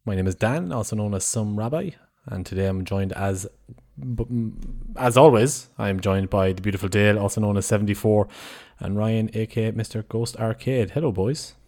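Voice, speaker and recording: Casual podcast host, low voice. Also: male voice, moderate pace, warm tone. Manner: chatty, swears freely, laughs often.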